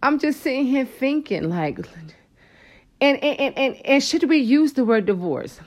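A high-pitched woman at a measured pace leads a Christian motivational talk on her faith show. Expressive and emotional, she preaches with animation, calls out to the Lord in frequent asides, and chats with her audience, calling them "girl" and "honey."

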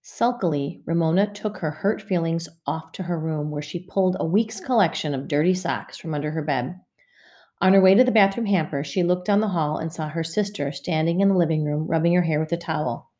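A woman reads a children's storybook aloud with an expressive, measured delivery. Her voice sits on the low side for a woman. She paces the narration with care. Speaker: audiobook reader.

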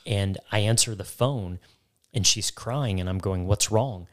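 Man, very low voice, earnest co-host sharing testimony, emphatic repetition. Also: unhurried. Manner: earnest, emphatic, repeats phrases for weight. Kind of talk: faith talk, personal testimony.

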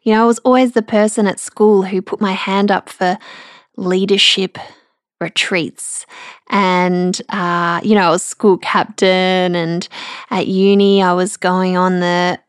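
A woman, hosting a personal podcast, speaking candidly and emotionally with halting restarts, close to tears. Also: lowish voice, little pitch movement, clear, resonant tone, no echo. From Australia. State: tearful. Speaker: podcast host.

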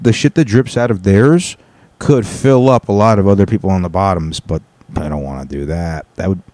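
A man's voice: on the low side, mellow, no room sound. A man hosting a solo podcast from his apartment, ranting casually in a rambling, profane way and cutting himself off mid-sentence. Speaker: podcast host. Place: home apartment.

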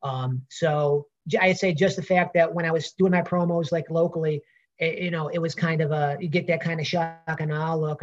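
A man's voice: on the high side, dull audio. A man with a Brooklyn accent, a pro wrestler answering interview questions in a rambling way with many fillers and restarts.

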